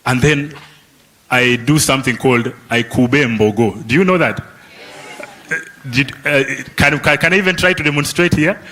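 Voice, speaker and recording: Medium-pitched, bright and forceful, the voice moves at a moderate pace with a little hiss or hum. It belongs to a Kenyan workshop facilitator leading a lively youth summit session in a conference hall, teasing attendees and tagging questions with "eh?" and "okay?".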